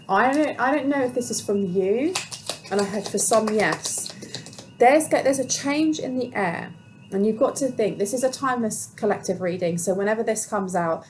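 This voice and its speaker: A woman at an ordinary pitch reads tarot cards for her viewers in a casual, rambling way. She fills her talk with "like" and restarts, and mutters to herself as she shuffles and places cards. A faint background hiss sits under her voice. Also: darkish tone, rough recording. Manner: chatty, rambling, many fillers and restarts; talks to herself while handling cards. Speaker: tarot reader. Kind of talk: casual collective tarot reading.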